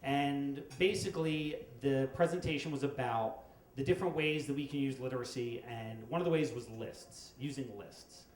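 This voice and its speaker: A middle-aged man telling a comic story on stage at a storytelling event, wry and with dramatic pauses. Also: mid-range voice. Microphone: stage microphone. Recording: echoey live room with faint noise.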